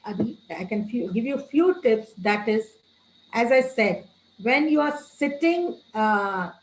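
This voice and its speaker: Woman trainer, slightly high voice, lecture delivery with stressed words, echoey room. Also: expressive, a little slow. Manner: addresses listeners as friends, gives tips.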